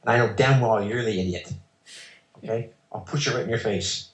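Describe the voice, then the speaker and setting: A man's voice: lowish voice, moderate pace. Insistent man telling his story, echoey room. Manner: emphatic, insistent storyteller who acts out exchanges. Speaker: interview guest. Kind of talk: telling a personal story in conversation. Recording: roomy echo.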